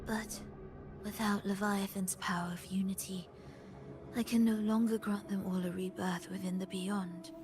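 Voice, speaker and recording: A woman's voice: medium pitch, steady tone, normal speed, over music, lightly acted. A woman voicing a solemn Irish-accented figure.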